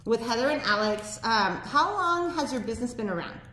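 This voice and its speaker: A woman's voice: fairly high pitch, lively intonation, a little fast, pushed and bright, a little hiss or hum. A woman hosting a casual local talk show from a studio, chatty and bubbly, laughing often, with a slight lisp from dental aligners.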